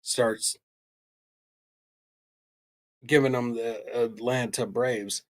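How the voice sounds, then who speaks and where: Loud, jokey man telling a crime story. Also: mid-range voice, fairly even intonation, slow, pauses often. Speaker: podcast co-host. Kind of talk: casual true-crime chat.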